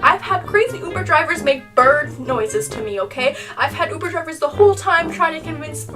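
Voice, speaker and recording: High-voiced young woman telling a story. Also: normal speed, far from the mic, music in the background. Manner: exasperated, animated storytelling with frequent "okay?". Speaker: YouTuber. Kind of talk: storytime vlog.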